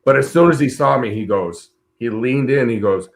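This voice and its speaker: A middle-aged man co-hosting a casual chat show, telling stories in a relaxed, blunt and profane way. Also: mid-range voice, normal speed. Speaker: co-host.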